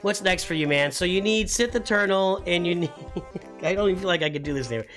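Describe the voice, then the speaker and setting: A man's voice: high-pitched, expressive, quick pace, a bit bright, faint music behind. A middle-aged man hosting a casual live stream, talking in rambling, self-interrupting bursts.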